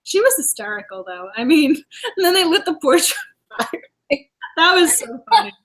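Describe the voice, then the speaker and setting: A woman with a high, bright-pitched voice hosts a relaxed book club chat. She is animated, laughs easily and trips over her words as she restarts. It sounds like a casual home video recording. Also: normal speed.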